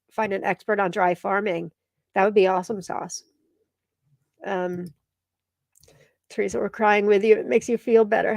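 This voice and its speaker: A woman's voice: mid-range voice, no echo, studio quality. A middle-aged woman hosting a casual live stream, teary and emotional as she reads viewer comments aloud. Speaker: live show host.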